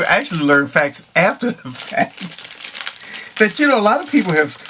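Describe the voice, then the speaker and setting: A man's voice: fairly high pitch, bright, forceful tone, a little hiss or hum. A middle-aged man talking casually to camera in a rambling, chuckling way, now and then slipping into Spanish phrases. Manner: rambling, chuckling, drifts between English and Spanish. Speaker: vlogger.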